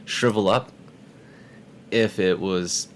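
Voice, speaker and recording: A man's voice: deep voice, slow, a little hiss or hum. A man telling a story in a casual podcast chat, acting out the voices of people in it. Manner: animated, acts out quoted voices. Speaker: podcast guest.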